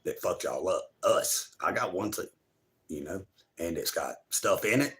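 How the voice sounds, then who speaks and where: A man hosting his own show, giving a profane, preachy spiritual monologue to viewers, swinging between loud bursts and near-whispers. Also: low-pitched, lively intonation, measured pace. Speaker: show host.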